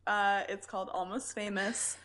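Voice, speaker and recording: A woman's voice: medium pitch, level tone, moderate pace, a bit bright, slight background noise. A woman guest on a casual podcast chat, talking easily and laughing often.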